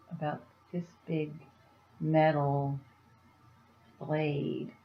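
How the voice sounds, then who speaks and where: Woman vlogger, deep voice, unhurried meandering talk, lo-fi. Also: echoey room, a little hiss or hum. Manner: meandering, soft-spoken to her cat. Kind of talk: casual vlog.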